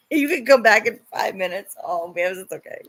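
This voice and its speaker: A woman's voice: medium pitch, expressive, normal speed. A young woman livestreaming and chatting with her viewers, laughing often and swearing when she gets upset. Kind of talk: casual livestream chat.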